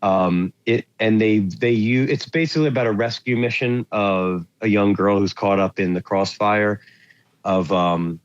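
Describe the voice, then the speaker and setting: A man's voice: on the low side, a little slow, dry recording, muffled recording. A man co-hosting a movie podcast, chatting casually and rambling with lots of fillers as he searches for words. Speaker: podcast co-host. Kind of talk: casual chat about movies.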